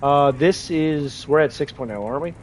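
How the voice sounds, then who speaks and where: A man's voice: a little high, normal speed. Congested young man chatting on stream. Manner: rambling, frank, many restarts and fillers. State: congested from draining sinuses. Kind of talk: casual livestream chat while gaming. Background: faint game vehicle noise.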